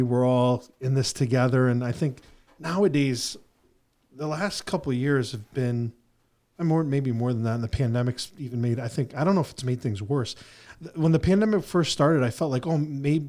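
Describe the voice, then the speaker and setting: A man's voice: mid-range voice, a little mellow. Earnest rambling male podcast host. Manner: earnest and rambling, with many "you know" fillers. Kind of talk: reflective casual conversation.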